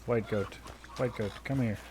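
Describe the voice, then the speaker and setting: A man's voice: on the low side, a little slow. A man streaming a roleplay game, chatting to himself casually while practicing a put-on accent. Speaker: streamer playing a roleplay character. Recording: noisy game audio with farm animals. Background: farmyard ambience with chickens and roosters.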